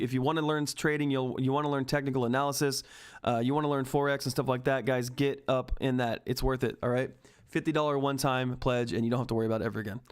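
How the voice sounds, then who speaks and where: A man hosting a stock trading livestream, giving excited market commentary and constantly addressing viewers as guys. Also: mid-range voice, smooth. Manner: excitable, keeps addressing viewers as guys and asking "all right?".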